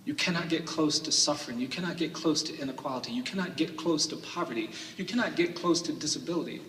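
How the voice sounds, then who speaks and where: An earnest man tells a personal story from a stage, repeating phrases and building them into strong cadences. His voice is bright and forward. It is picked up from a distance and rings through a large hall with long reverb. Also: on the high side, fast talker, a little hiss or hum. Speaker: lawyer giving a summit talk. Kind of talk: storytelling speech. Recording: echoey hall from a distant mic.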